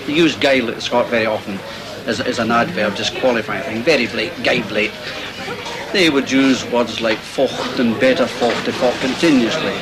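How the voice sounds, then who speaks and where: Southwest Scottish male academic, mid pitch, enthusiastic teacher, recorded outdoors amid crowd. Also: normal speed. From Scotland. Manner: enthusiastic, explanatory, repeats words for emphasis. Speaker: professor and dictionary compiler. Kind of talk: explaining to interviewer.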